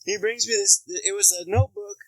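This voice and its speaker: An American man spins stories in a relaxed chat, slipping into other voices for the people he quotes. His voice sits a little high and the sound is dry and close. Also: fairly quick, gravelly, dry recording, rough recording. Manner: animated, acts out quotes in other voices, laughs often. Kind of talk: casual storytelling chat.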